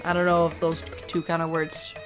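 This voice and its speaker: A woman's voice: low-pitched, completely flat delivery, a little fast. A woman hosting a let's-play, rambling and self-mocking with laughs in casual gameplay commentary. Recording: game music behind.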